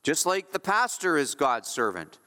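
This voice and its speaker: A man's voice: fairly high pitch, big pitch swings, moderate pace, pushed and bright, big-room sound. A male pastor preaching a sermon with emphatic delivery, repeating key phrases to drive points home.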